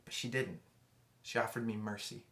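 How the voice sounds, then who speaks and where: Young adult male youth pastor, casual storyteller, restarts a lot, goes hushed at tender parts. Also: on the low side, steady tone, normal speed. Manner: conversational, many restarts, drops to hushed tones for emotional moments.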